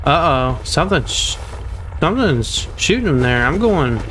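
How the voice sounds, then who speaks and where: Excitable young man with lively pitch. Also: unhurried, a little hiss or hum. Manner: excitable, exclaiming and groaning at mistakes. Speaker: gamer streaming a first playthrough. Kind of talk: live gameplay commentary.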